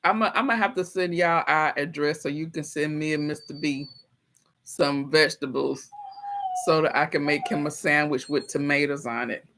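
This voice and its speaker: Bright, animated woman livestreaming. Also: sits low, normal speed, a little hiss or hum. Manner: animated, playful storytelling with frequent laughter; chatty, talks straight to viewers. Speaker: livestream host reading chat. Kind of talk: casual livestream chat.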